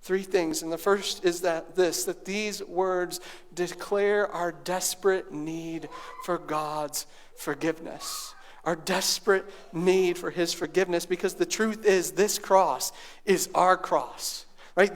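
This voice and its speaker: A man's voice: high-pitched, steady tone, measured pace, hardly any pauses. A male pastor delivering a sermon, dropping to near-whispers and rising to raised, emphatic preaching. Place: church sanctuary.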